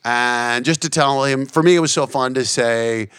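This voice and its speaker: Comedian guest in his 40s, animated storyteller, earnest, dry close mic. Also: medium pitch, normal speed, clean tone, no echo. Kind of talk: casual podcast conversation.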